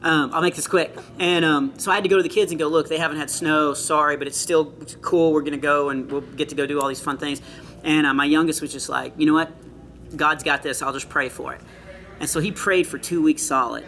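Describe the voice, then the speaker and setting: A middle-aged male comedian chatting in an interview, telling earnest stories with quick asides. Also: fairly high pitch, steady tone, pushed and bright. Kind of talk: casual interview chat. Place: comedy club after a show.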